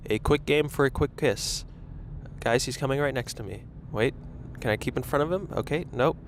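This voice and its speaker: A man's voice: medium pitch, moderate pace. A young man hosting a podcast from his car on a lapel mic, chatting in a rambling, self-conscious way. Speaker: podcast host. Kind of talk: casual solo chat while driving. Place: in a car in traffic. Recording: faint road noise.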